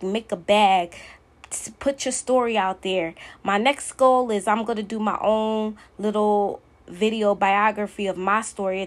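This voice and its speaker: Blunt, emphatic woman podcast host. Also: mid-range voice. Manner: blunt, emphatic, repeats her points. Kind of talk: motivational monologue.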